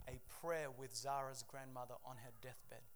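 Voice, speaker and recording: A man preaching a sermon, rising to loud, forceful declarations and dropping to quiet, hushed storytelling. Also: medium pitch, steady tone, moderate pace. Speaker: pastor.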